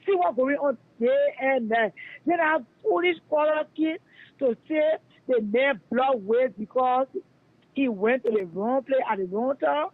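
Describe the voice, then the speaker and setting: A man with a Liberian English accent rants fiercely over a tinny phone line, his voice pitched unusually high for a man. He calls in to a radio show and hammers the same accusations again and again. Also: measured pace, no room sound. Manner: fiery, denouncing, repetitive. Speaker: radio caller. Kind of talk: heated call-in rant.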